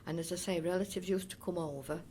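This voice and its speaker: Older woman, chatty and lowish. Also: fast talker, mellow, a little hiss or hum. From North East Derbyshire area of England. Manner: chatty and rambling, with frequent restarts and fond asides. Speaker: oral history interviewee. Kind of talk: reminiscing in a recorded interview.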